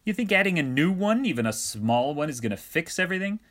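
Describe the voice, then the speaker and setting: A stubborn, protective mother, voiced by a man, defiant and self-righteous. Her voice sits high and loud. Storybook comedy reading. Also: big pitch swings, fast.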